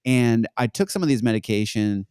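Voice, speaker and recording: A man's voice: mid-range voice, moderate pace, darkish tone, clear, resonant tone, no echo, studio quality. A young man, a podcast guest, chatting casually and telling stories in a laid-back way, laughing often. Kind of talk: casual chat.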